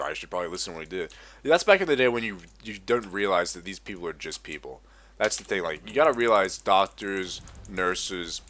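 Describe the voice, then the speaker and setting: Young aussie dude ranting n swearing, kinda low voice. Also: male voice, fairly bright tone. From Australia. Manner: profane, ranting, exasperated. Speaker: gaming commentator. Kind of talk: casual rant over gameplay.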